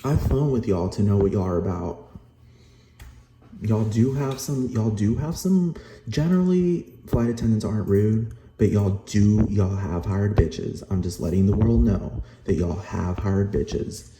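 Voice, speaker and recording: Guy ranting mad on camera, cussing, lowish voice, echoey room, noisy background. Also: measured pace, dark tone. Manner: heated, repetitive, profane, keeps asking "do you understand?". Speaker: vlogger. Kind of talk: angry ranting vlog. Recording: echoey room with noise behind.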